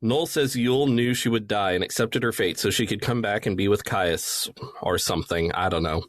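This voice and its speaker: A man co-hosting a game podcast, recapping the story in a dry, wry, low-key way. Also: moderate pace. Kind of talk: casual recap chat.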